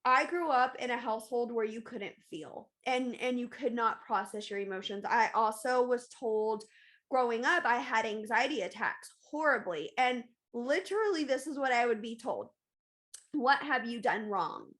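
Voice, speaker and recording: A woman hosts a podcast, delivering a casual, confessional monologue that is candid and emphatic. She often repeats phrases for stress. Her voice is fairly high and fairly bright, at a normal pace.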